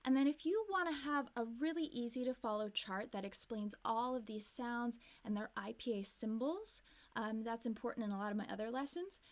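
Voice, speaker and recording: A woman with an American accent teaching English pronunciation, modeling sounds slowly and repeating lines for learners. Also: on the high side. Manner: slow, deliberate modeling of sounds with repetition. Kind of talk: pronunciation lesson.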